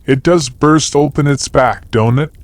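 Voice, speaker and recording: An earnest little boy tells his story eagerly, as a man reads him aloud. The voice sits at a middling pitch, unhurried and sincere, recorded dry and close. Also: no room sound, lightly acted. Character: earnest small boy telling about insects. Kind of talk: audiobook character voice.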